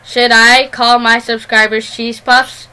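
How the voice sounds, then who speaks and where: A woman with a high, bright, sharp-edged voice hosts a casual gaming session. She jokes and giggles through the banter with her friend. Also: level tone, slow, clear, resonant tone. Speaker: gaming channel host. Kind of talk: casual chat while playing a game.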